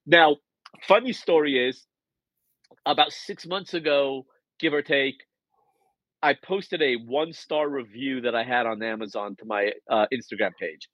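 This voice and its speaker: A man's voice: mid-range voice, unhurried, dry recording, dull audio. A man telling a story in a casual podcast conversation, acting out the quoted lines as he goes. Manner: animated storyteller, acts out quoted dialogue. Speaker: guest, author.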